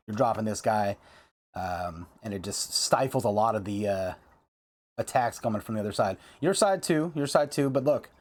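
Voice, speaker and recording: A man's voice: medium pitch, a little mellow. A man hosting a card-game video, talking casually and ranting heatedly, with lots of fillers and repeated phrases.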